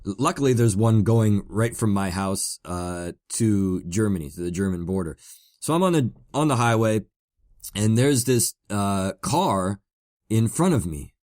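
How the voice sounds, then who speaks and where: Low-voiced man telling a rambling story. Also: expressive, measured pace, a little mellow. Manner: rambling, lots of fillers and repeated "like". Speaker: podcast host. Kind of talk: casual anecdote storytelling.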